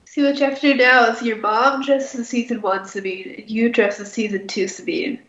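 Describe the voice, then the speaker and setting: A teenage girl co-hosting a casual chat, deadpan and teasing. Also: on the high side, normal speed, reverberant, highs cut off. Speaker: podcast co-host.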